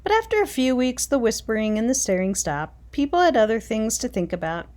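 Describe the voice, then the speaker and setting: Lively woman reading a storybook aloud. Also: fairly high pitch, brisk. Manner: expressive, dramatic. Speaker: reader.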